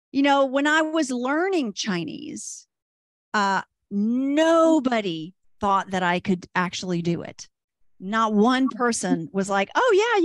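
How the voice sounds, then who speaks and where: An older woman works through a stand-up set, lively and self-deprecating. Her voice sits high and swings widely as she talks at an unhurried pace. The sound is dry and close. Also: no echo. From Texas. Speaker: stand-up comedian.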